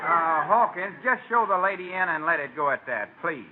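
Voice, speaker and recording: A man's voice: fairly high pitch, expressive, normal speed, natural voice. A man playing a rustic fake earl. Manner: pompous put-on airs with folksy slips. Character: country man pretending to be an earl. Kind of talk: 1940s radio comedy acting. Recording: old radio broadcast, lo-fi and noisy.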